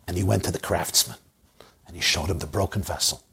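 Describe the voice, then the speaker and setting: Rabbi, male, husky low voice, measured dramatic storytelling. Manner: measured, dramatic, dropping to soft emphasis. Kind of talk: sermon storytelling.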